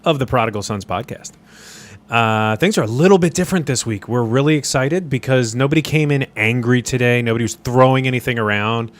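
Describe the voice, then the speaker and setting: A man's voice: medium pitch, fairly quick. A man hosting a casual podcast, joking around and often restarting his sentences. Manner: lively, joking, stammering restarts. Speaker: podcast host.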